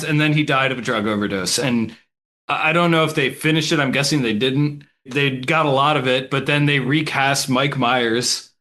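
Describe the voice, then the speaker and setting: A man's voice: medium pitch, sharp tone. A man co-hosting a film podcast, talking in a loose, chatty way with lots of "like.". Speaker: podcast co-host. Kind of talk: casual chat.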